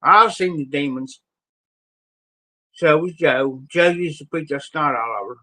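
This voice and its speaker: Middle-aged guy rambling thru an old story, kinda high voice, lots of um's and pauses. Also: pushed and bright, rough recording. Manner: rambling, folksy, with pauses and restarts. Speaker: live-stream storyteller. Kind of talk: casual spoken storytelling.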